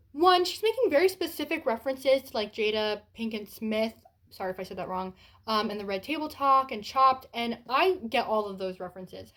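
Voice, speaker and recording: A young American woman talks casually to her camera about what she's reading. Her voice sits in a middle register, and she jumps between quick enthusiasm and wry, self-deprecating asides. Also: mid-range voice. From United States. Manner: chatty, animated, self-deprecating. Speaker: book vlogger. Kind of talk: casual vlog chat.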